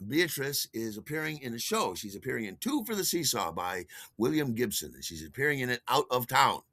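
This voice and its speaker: A man in his sixties, a podcast host, telling a personal story in an animated way and acting out the dialogue. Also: medium pitch, brisk, dry recording, clean studio sound. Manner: animated, acts out dialogue with shouted outbursts.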